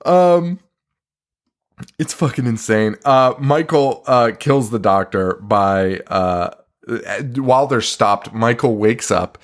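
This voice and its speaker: Speaking slowly in a fairly low voice, a man co-hosting a podcast walks through a movie scene by scene. His recap is profane and incredulous, punctuated by laughter, in a relaxed review conversation.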